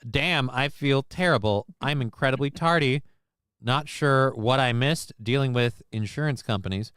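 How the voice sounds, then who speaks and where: Crisp bright-voiced man mocking and swearing. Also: mid-range voice, moderate pace, dry recording. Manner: crude, mocking, profane banter. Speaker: show host. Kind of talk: casual livestream chat.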